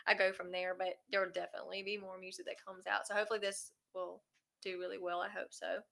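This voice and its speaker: A woman from South Carolina with a Southern accent, a country singer chatting in an interview, talkative and quick to laugh. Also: mid-range voice, level tone, creaky, a bit bright. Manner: chatty, laughs often, drawling. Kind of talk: casual interview chat.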